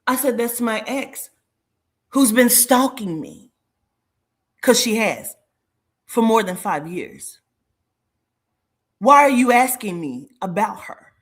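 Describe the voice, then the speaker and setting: A woman tells a story in a loose, chatty way, cursing freely and jumping into the voices of everyone in it. Her voice sits a little high for a woman, and she keeps the telling lively and animated. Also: slow, long pauses. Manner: animated, profane, acts out dialogue in shifting voices. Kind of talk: casual storytelling chat.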